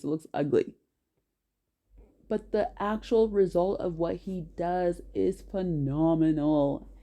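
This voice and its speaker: With a lowish voice, a woman shares a personal story on camera in an animated way. She stresses her points strongly and often revises what she's saying mid-sentence.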